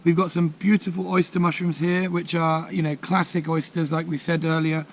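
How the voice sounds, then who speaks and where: Brief: forager, man, higher-pitched, upbeat and chatty, recorded outdoors. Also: level tone, moderate pace. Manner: enthusiastic, chatty, many fillers. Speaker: mushroom forager and course teacher. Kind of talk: casual outdoor explanation. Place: outdoors in woodland.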